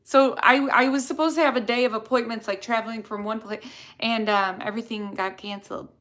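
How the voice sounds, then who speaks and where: A woman's voice: a little high, fairly even intonation, a little fast, fairly bright tone. A young woman hosting a live Q&A as a dental hygienist, chatting casually and laughing as she reads comments.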